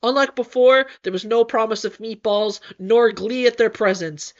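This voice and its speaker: A woman narrating a fan-written story as an audiobook, with an expressive, comic delivery. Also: a little high, moderate pace, few pauses. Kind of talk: audiobook fanfic reading. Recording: dull lo-fi recording.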